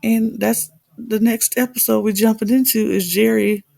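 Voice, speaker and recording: A woman's voice: a little high, fairly even intonation, normal speed, creaky, warm tone, no echo. A woman co-hosting a podcast, recapping a reality show in casual chat with an emphatic, heated manner. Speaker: podcast co-host.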